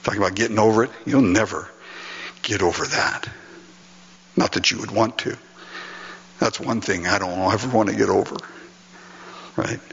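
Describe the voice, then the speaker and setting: A man's voice: lowish voice, moderate pace, vocal fry, pauses often, a bit bright, husky, in a large hall, dull audio. A male pastor preaching an earnest, emphatic sermon, often breaking into laughter.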